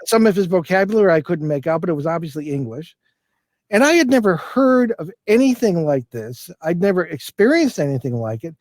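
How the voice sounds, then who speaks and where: A man's voice: fairly high pitch, lively intonation, brisk, darkish tone, no room sound. An older man, a guest in an interview, telling a long anecdote in a loose, rambling way with many restarts and fillers. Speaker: guest, paranormal investigator. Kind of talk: casual storytelling interview.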